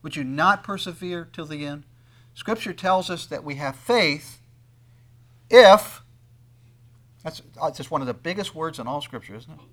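Male preacher, a touch high-voiced, dynamic sermon delivery that acts out the people he quotes. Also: animated, a little slow, pauses often. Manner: swings between loud emphasis and quiet asides; acts out quoted speakers in conversational tones. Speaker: pastor.

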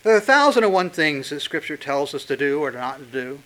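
A man preaching a sermon, pressing hard on key words and dropping to a hush when quoting Scripture. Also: fairly high pitch, very animated, fairly quick, rough recording. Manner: emphatic, swinging from loud stresses to hushed quotes. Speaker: pastor.

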